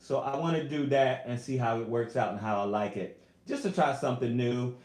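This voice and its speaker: A mid-range male voice moves briskly through casual live-stream chat from home, echoing off the room. The speaker, a singer and YouTuber, is animated, earnest and emotional, addressing everyone as "y'all."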